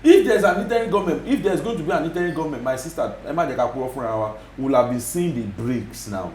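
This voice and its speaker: A Nigerian man with a Yoruba accent appears as a guest commentator in a TV studio interview, his fairly high, slightly mellow voice quick and animated. He stresses his points and repeats them, slipping in Yoruba phrases. The recording sounds reverberant, with faint hiss or hum.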